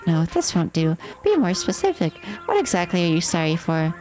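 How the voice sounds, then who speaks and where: A woman's voice: on the low side, very animated, moderate pace, a little mellow, soft background music, poor audio. A woman voicing a gleeful, sadistic female TV game show host in a mocking, theatrical way. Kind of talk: voicing game dialogue on stream.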